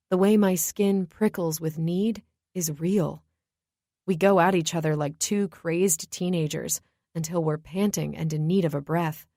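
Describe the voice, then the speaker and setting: A woman narrates a romance in the first person with a low, gravelly voice. Her reading is slow, hushed and intimate, with a warm, mellow tone. The recording sounds dry and close. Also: dry recording. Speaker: audiobook narrator.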